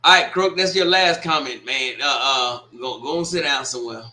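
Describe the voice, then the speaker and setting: Reading viewer comments aloud during a sports watch party stream, this host laughs, swears, and tells off a troll. He speaks at a medium pitch and normal speed with a pushed, bright voice, recorded in an echoey room.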